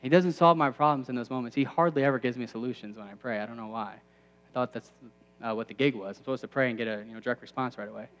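A man's voice: medium pitch, fast talker, fairly bright tone, long reverb tail. A man in his thirties preaching a sermon to a campus ministry, conversational with self-deprecating asides that build to emphatic peaks.

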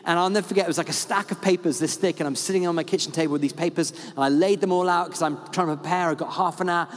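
A man, a parish priest, telling a story in an animated, chatty sermon full of fillers. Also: a little high, racing. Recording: echoey hall with long reverb.

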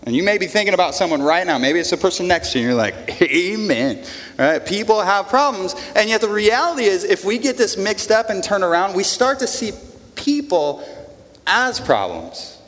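A high, sing-song voice belongs to a pastor preaching fairly quickly, with a somewhat bright tone, before his congregation in church. He talks conversationally, repeating words and asking questions, while the big room adds a long reverb.

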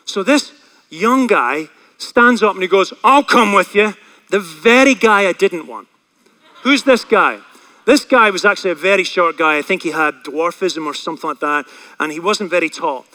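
A man preaching a sermon and telling a personal story with animated energy. His voice is high and bright, and he moves quickly through his story. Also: poor audio. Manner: animated, fast storytelling with acted quotes.

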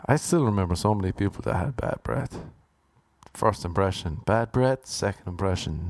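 Low-voiced man telling wry rambling stories. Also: lively intonation, normal speed, vocal fry, a little mellow, no echo. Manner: rambling, wry, self-deprecating humour. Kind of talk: casual solo storytelling monologue.

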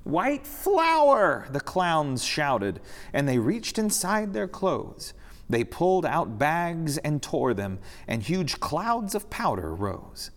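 A man reading a rhyming story aloud during a church service, expressive and sing-song, in a reverberant sanctuary. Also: fairly high pitch, slow pace.

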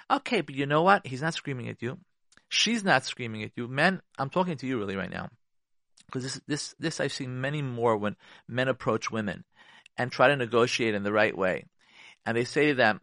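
A man's voice: medium pitch, animated, a little fast, fairly bright tone, no room sound, clean studio sound. A man hosting a radio show, giving earnest marriage advice. He uses Yiddish and Hebrew terms and acts out both spouses.

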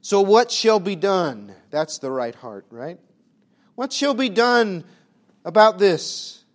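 A male preacher with a high, bright-edged voice drives his sermon with pointed rhetorical questions. He swings between booming emphasis and hushed, intimate lines, and his folksy phrasing keeps it plainspoken. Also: sing-song, slow.

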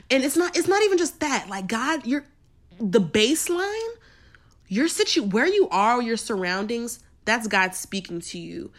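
A young woman hosting a podcast, telling a personal faith story in a casual, slangy, animated way. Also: medium pitch. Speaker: podcast host.

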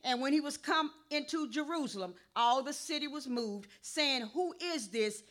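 A woman pastor preaching a sermon, calling for responses and rising to a shout. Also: high-pitched, animated, normal speed.

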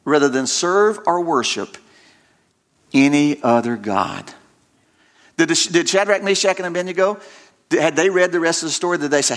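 A man preaching a sermon in a high, bright, ringing voice. He tells the scripture story with drama and keeps doubling back on his words as he goes. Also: expressive, moderate pace. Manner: retells scripture dramatically with frequent word repeats.

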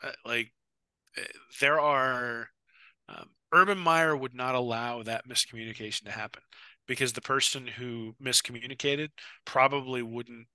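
A man co-hosting a football podcast in casual chat, long-winded and animated, often repeating words as he restarts. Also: mid-range voice, moderate pace, smooth, dry recording. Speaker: co-host of a college football podcast. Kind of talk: casual sports talk.

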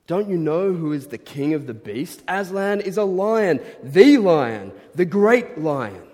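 A man voicing an excitable male talking beaver with a Yorkshire accent, speaking emphatically. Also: high-pitched, takes it slowly, voice pushed up, full character voice. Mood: proud. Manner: emphatic, insistent. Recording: long reverb in large hall.

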